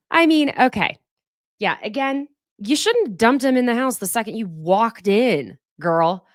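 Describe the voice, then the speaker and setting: A woman's voice: normal speed, no room sound, clean studio sound. Sassy woman recapping reality TV. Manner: animated, sassy commentary with exaggerated pitch jumps. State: sniffly from allergies. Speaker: podcast host.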